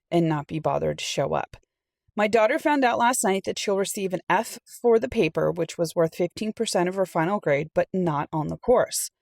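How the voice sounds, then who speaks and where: A middle-aged woman reading a storytime aloud and telling her own college story in a chatty, animated way. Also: lowish voice, normal speed, vocal fry, no echo. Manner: chatty and animated, acts out quoted people. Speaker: storytime reader and channel host. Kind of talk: casual storytime reading with personal anecdote.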